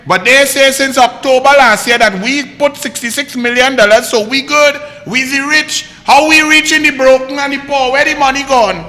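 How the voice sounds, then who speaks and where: Trinidadian male host, sharp bright tone, mocking political rant, long room reverb. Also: very high voice. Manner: mocking, rapid-fire rhetorical questions in dialect. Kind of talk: heated political commentary.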